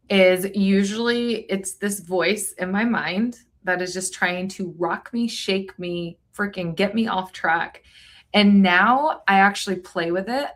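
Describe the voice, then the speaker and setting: A woman's voice: medium pitch, a bit bright. A woman hosting a podcast interview, enthusiastic and affirming, sharing her own experiences. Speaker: podcast host. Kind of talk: casual interview chat.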